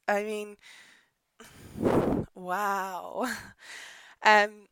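A pregnant woman who is a pub landlady hosts a casual solo podcast, ranting, laughing and swearing now and then, sometimes turning away from her podcast microphone. Her mid-range voice is animated, a bit bright and smooth, though she speaks very slowly. The close, dry sound has no echo, but the recording quality is low.

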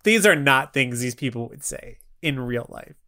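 A man's voice: mid-range voice, expressive, normal speed, sharp tone. A young man co-hosting a casual film podcast, easygoing and chuckling, with lots of fillers. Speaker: podcast co-host. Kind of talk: casual movie review chat.

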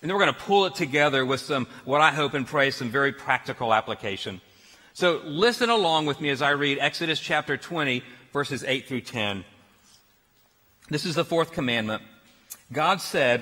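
A man's voice: fairly high pitch, moderate pace, in a large hall. A man preaching a sermon as pastor, telling stories with laughs. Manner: storytelling, animated with laughs.

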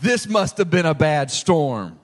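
A pastor preaching a sermon with humor, swinging from shouted peaks to low, intimate tones and acting out quoted voices. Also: male voice, big pitch swings, measured pace, big-room sound.

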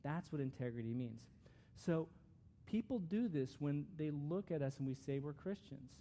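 A man's voice: a little high, animated, moderate pace, dark tone. A man giving a conversational, earnest sermon as a pastor, with frequent restarts.

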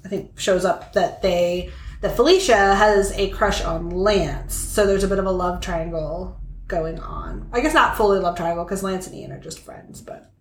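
A woman's voice: mid-range voice, reverberant, a little hiss or hum. A woman co-hosting a podcast, chatting casually as she sums up a film plot with many fillers and asides. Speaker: podcast co-host.

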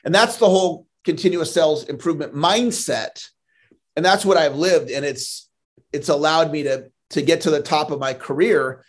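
A man's voice: on the high side, normal speed. A man speaking as a sales trainer in a podcast interview, earnest and motivational, often repeating a word as he starts a thought.

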